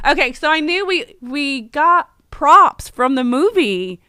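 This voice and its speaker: A woman hosting a casual unboxing livestream, excited and laughing often. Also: sits high, unhurried, few pauses, no room sound. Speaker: livestream host.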